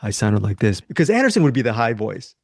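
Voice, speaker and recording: A man hosting a casual film review podcast in a deliberately lively, animated way. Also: creaky, dry recording. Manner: animated, self-described high lively voice. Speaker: podcast host.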